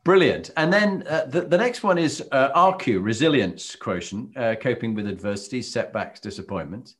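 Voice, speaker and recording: A male interviewer who asks keen, brisk follow-up questions. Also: mid-range voice, expressive. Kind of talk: podcast interview.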